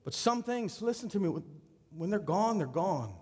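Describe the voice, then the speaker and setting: Male pastor, high voice, impassioned sermon delivery, urgent then hushed, long hall echo. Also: expressive, normal speed, husky. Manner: impassioned preaching, rising and falling between urgent and hushed.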